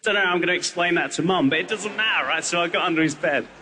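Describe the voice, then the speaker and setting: A man's voice: high voice, very fast, sharp tone, a little hiss or hum. A man in his thirties from England, performing a whimsical, rambling surreal stand-up routine on a comedy club stage. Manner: whimsical, rambling, jumping into silly character voices.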